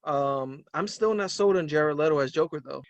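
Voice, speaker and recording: Man, casual co-host, a bit high-pitched, dry close sound, opinionated and animated. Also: normal speed, dry recording. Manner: animated, laughs often, trails off with "um". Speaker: podcast co-host. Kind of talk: casual movie review chat.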